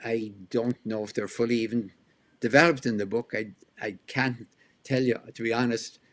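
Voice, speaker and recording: A man speaking as a guest scholar in an interview, explaining at length in an animated way, with rhetorical questions and chuckles along the way. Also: mid-range voice, moderate pace. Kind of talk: interview answer, lecturing.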